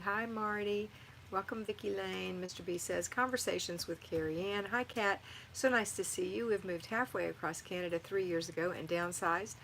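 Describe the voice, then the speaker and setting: A woman's voice: medium pitch, fairly bright tone, a little hiss or hum, rough recording. A middle-aged woman hosting a live stream, reading viewer comments aloud and giving encouraging, motherly advice. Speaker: livestream host answering viewer chat.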